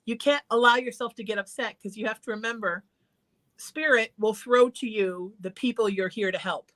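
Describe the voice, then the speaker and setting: A woman's voice: a little high, moderate pace, fairly bright tone. A woman hosting a call-in talk show, giving earnest, encouraging advice in a conversational way. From Irish heritage. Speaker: psychic talk show host.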